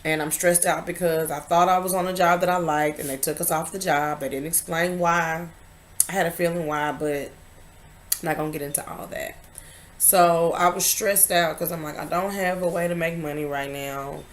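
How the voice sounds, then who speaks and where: A woman vlogger telling a candid personal story, emphatic and confiding, swinging between loud stresses and hushed asides. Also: lowish voice, fairly even intonation, normal speed.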